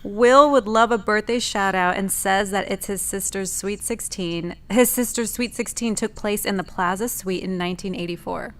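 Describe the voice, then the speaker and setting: A woman's voice: medium pitch, moderate pace, hardly any pauses, clear, resonant tone. A woman co-hosting a live show, reading viewer messages aloud and chatting loosely with a lot of laughter. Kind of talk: casual live-show chat.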